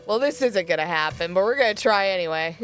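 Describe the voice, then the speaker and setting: A woman's voice: mid-range voice, animated, a little fast, faint music behind. A woman streaming a game, talking casually with sarcastic, self-mocking commentary and frequent swearing.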